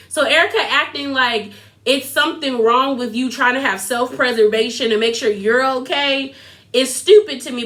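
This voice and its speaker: A young woman giving a casual, animated recap of a reality TV episode, sassy and quick to laugh. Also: sits high. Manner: animated, sassy, laughs often, quotes others in put-on voices.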